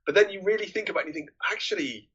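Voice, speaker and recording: Lively, husky male co-host, bright tone, muffled lo-fi mic. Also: high-pitched, racing. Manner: animated, laughs often, acts out quotes. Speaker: podcast co-host. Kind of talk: casual film discussion. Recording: dull lo-fi mic.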